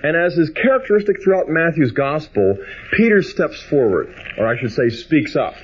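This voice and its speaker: A man giving a biblical theology lecture. He reads scripture slowly with emphasis, then speeds up into personal storytelling. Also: on the high side, big pitch swings, slightly rough, lo-fi sound.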